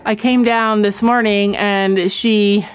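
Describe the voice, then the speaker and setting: A woman's voice: mid-range voice, steady tone, takes it slowly, clear, resonant tone. Emotional farm vlogger, a woman who rambles and repeats herself as she talks to camera. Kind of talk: casual talk to camera. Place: farm barn.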